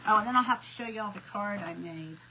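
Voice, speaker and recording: A crafting vlogger chats casually with her viewers, calling them y'all, while wrapping gifts and labeling handmade ornaments at home. Her medium-pitched voice is a little fast, pushed and bright, on a low-quality recording with slight background noise.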